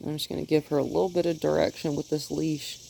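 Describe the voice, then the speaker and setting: A woman dog trainer explaining a training session outdoors, calm when explaining and high and sing-song when praising the dog. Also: fast, vocal fry, a little hiss or hum.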